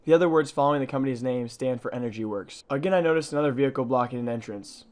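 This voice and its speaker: A man narrates a video game walkthrough at a quick clip, with a voice of ordinary pitch for a man. He reads from a script in a brisk, matter-of-fact way and muses over the odd details he has found. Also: a little mellow. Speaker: gaming channel host.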